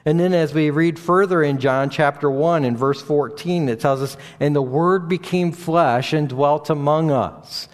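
A man teaching from the Bible in an explanatory way, often pausing and restarting his sentences. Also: fairly high pitch. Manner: explanatory, with frequent fillers and restarts. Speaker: preacher. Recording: long reverb in a hall.

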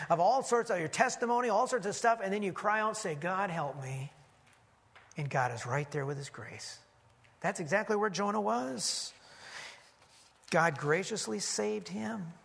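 A man's voice: high voice, gravelly, a bit bright, slightly rough. A man, a pastor, preaching an earnest expository sermon that he teaches point by point. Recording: long hall reverb.

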